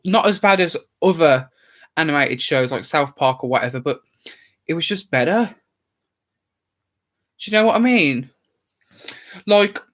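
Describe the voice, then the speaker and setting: Opinionated and quick to curse, a young man in his twenties hosts his channel, chatting casually to camera in a light Birmingham accent; he's from the Worcestershire area of England. The voice is a little high and fairly bright, on a low-quality recording.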